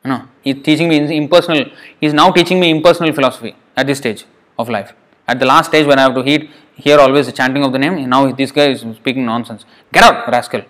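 A man's voice: medium pitch, steady tone, fast, a bit bright, close to an everyday voice. A man voicing a dying old male ascetic who grieves and angrily drives away his disciple. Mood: scolding. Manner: anguished, scolding.

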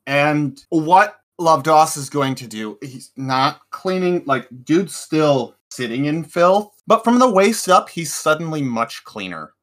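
A man's voice: a little high, expressive, a little slow, few pauses, a bit bright. A man playing a tabletop game, describing his character's actions casually.

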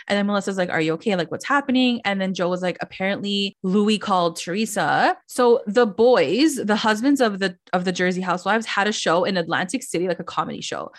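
A woman's voice: mid-range voice, brisk, hardly any pauses. A woman hosting a podcast, recapping a reality show in casual, chatty talk full of "like" and quoted lines. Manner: chatty, lots of "like", quotes others in voices. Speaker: podcast host. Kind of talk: casual pop culture chat.

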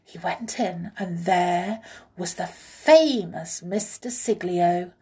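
Slow, expressive woman reading a children's story. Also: lowish voice. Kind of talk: children's story read aloud.

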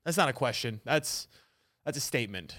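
A young man in casual crude banter, arguing his point and laughing loudly. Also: medium pitch, expressive, normal speed.

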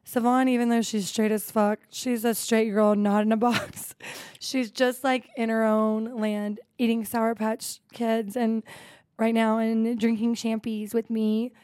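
A woman in her thirties co-hosting a podcast, telling stories in a lively, casual way with plenty of swearing and laughter. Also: on the high side, unhurried, clear, resonant tone, no echo, clean studio sound. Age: 30s. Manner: animated storytelling with frequent swearing and laughs. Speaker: podcast co-host. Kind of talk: casual chat.

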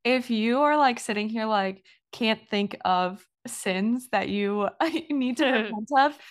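A woman's voice: on the high side, takes it slowly. A woman co-hosting a faith podcast, speaking in a friendly, practical way as she moves into tips. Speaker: podcast co-host. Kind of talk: casual faith podcast chat.

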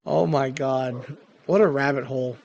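A man's voice: mid-range voice, moderate pace, gravelly, darkish tone, muffled recording. A man in casual podcast chat who rambles, trips over words and laughs at his own jokes. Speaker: podcast co-host.

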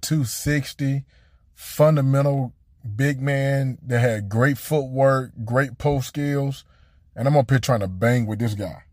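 A young man and former college basketball player telling a casual story, animated and acting out quotes with jumps in his voice. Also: mid-range voice, dry recording, studio quality.

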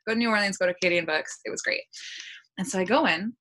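Woman on a podcast, bright sharp voice, lively storyteller who laughs a lot. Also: medium pitch. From United States. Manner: lively storytelling, quick laughs, acts out dialogue. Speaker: podcast guest, language content creator. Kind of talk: casual interview chat.

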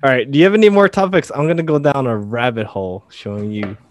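A man's voice: mid-range voice, fast talker, slight background noise. A man hosting a podcast in casual chat, laid-back and teasing, laughing often. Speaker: podcast host.

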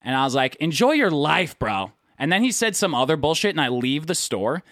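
A man's voice: fast, no echo, clean studio sound. A young man telling a profane story in casual chat, acting out what people said with big jumps in his voice. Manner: animated, acts out quotes with big pitch jumps.

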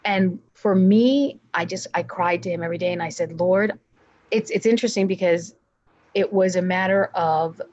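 A woman's voice: fairly low pitch, moderate pace, a little mellow, highs cut off. A woman giving an earnest personal testimony as an interview guest, acting out her own prayers aloud.

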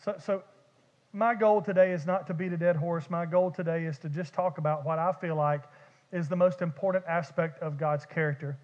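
A man's voice: fairly high pitch, steady tone, normal speed, darkish tone. A man preaching a sermon as pastor, talking in a conversational way that often repeats and restarts words. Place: church sanctuary. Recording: dull lo-fi church recording with long reverb.

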